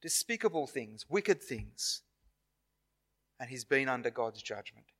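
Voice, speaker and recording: A man with an Australian accent preaching a sermon in a church, earnest and measured, with pauses and self-corrections. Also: mid-range voice, very animated, a bit bright, husky.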